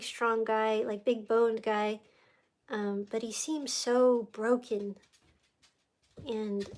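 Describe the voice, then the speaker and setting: A woman's voice: fairly high pitch, darkish tone. A woman hosting a livestream, telling a faith story in a rambling, emotional way and easily sidetracked. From United States. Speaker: livestream host. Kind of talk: casual faith testimony livestream.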